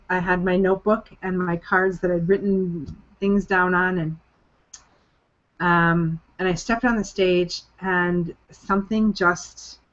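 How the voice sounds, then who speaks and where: A woman's voice: on the low side, fairly bright tone, dull audio. A woman leading a group coaching call, speaking in an earnest, emphatic way and repeating phrases for stress. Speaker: coaching program leader hosting a group call. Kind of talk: motivational talk on a conference call.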